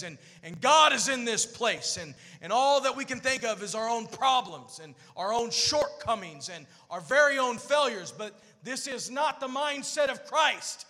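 Man preacher, high and sharp-toned, sermon rising into shouted sing-song, reverberant sanctuary. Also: animated, measured pace, few pauses. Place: church sanctuary. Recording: long church hall reverb.

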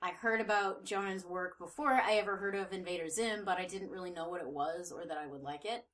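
A woman's voice: lowish voice, a little fast, a bit bright. A woman in her thirties co-hosting a casual podcast chat, laughing often, easygoing and freely profane. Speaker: podcast co-host.

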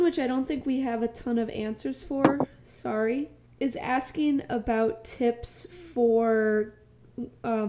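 A woman with a fairly high voice co-hosts a podcast in a bubbly, casual way. She is quick to laugh while she chats into a podcast microphone. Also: warm tone. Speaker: podcast co-host.

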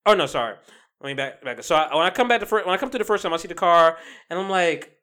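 A young man co-hosting a casual podcast, telling animated stories full of swearing and laughter. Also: a little high, fast. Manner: animated storytelling, swears a lot, laughs often. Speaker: podcast co-host. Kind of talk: casual chat.

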